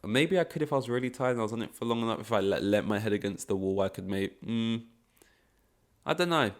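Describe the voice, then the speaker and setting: A man's voice: fairly low pitch, animated, fast. A young man hosting a solo podcast in a rambling, casual way, often correcting himself. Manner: rambling, self-correcting, frustrated asides. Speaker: podcast host.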